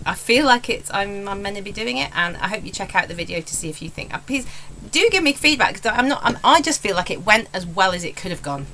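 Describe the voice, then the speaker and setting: English lady in her 40s rambling on her vlog, self-deprecating, bright voice a bit low, faint hum behind. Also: poor audio. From England. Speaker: stand-up comedian. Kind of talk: casual vlog monologue.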